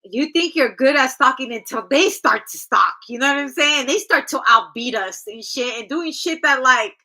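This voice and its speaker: A woman's voice: high-pitched, animated, normal speed, bright, forceful tone, poor audio. A woman giving a casual tarot reading in a blunt, chatty, profane way. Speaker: tarot reader.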